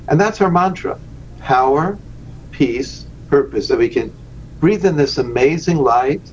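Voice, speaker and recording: A man, a rabbi and guest on a podcast interview, telling the story of his charity in an earnest way and slowing down for emphasis. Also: mid-range voice, a little mellow. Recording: dull lo-fi remote audio with faint noise.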